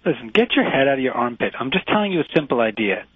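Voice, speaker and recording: A man rants in long, insulting tirades, bossy and full of himself. His voice sounds a little husky. The recording is dry and thin, like a phone line. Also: medium pitch, sing-song, very fast, no echo. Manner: brash, insulting, rambling tirades. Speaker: comedian pushing a Brooklyn accent. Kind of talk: improvised comedy sketch.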